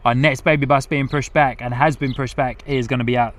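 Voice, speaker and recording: Streaming live from outdoors at an airport, a man comments chattily on passing planes and laughs often as he reads out what viewers write. His voice is mid-range and steady, his pace fairly quick.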